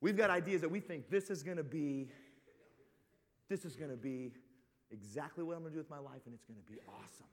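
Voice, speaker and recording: Man, high voice, animated rambling preacher-storyteller, big reverberant hall. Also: a little fast. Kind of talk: comic storytelling sermon.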